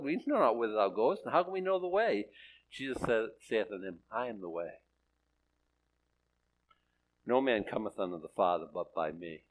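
A male pastor preaching conversationally. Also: mid-range voice. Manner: conversational and sarcastic, with jokes and laughs. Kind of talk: sermon.

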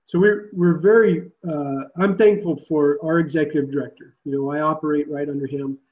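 A man's voice: fairly high pitch, steady tone, moderate pace, muffled recording. A man who leads a Christian summer camp, speaking earnestly and reflectively in an interview. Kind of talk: podcast interview.

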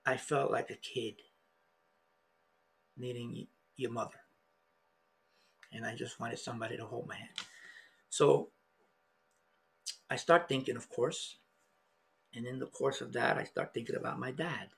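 A middle-aged man telling a personal story in an emotional, halting way, with many restarts. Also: medium pitch, steady tone, creaky, a bit bright, slightly rough. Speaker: podcast guest.

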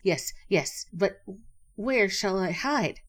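Sly male fox, slow smug drawl, as a woman reads him. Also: mid-range voice, lively intonation. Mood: nervous.

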